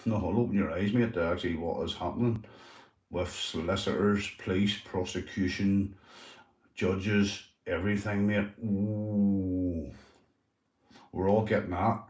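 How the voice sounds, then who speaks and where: A man's voice: on the low side, recorded from a distance. A Northern Irish man hosts a loose, casual livestream and curses constantly as he chats with his viewers. His voice sits a little away from the mic, in a roomy, echoing space. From Northern Ireland. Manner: swears constantly, chatty, addresses viewers by name. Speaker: livestream host.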